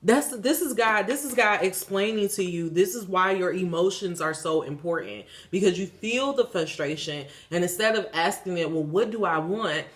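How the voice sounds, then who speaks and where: A woman's voice: on the low side, lively intonation, moderate pace, few pauses. A woman giving a spiritual tarot reading in a casual, preachy way. She swears freely and repeats phrases for emphasis. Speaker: tarot reader.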